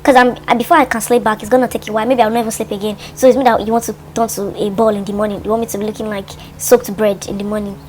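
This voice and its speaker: Animated woman telling a story. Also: medium pitch, very fast, few pauses, a little hiss or hum. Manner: animated storytelling, lots of "like", dramatizes her thoughts. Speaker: vlogger. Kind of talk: storytime vlog.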